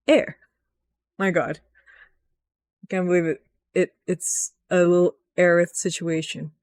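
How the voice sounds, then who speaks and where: A young woman recapping a video game in a rambling, excitable rant, swearing often and jumping up in pitch when frustrated. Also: measured pace, no echo. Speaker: gaming vlogger.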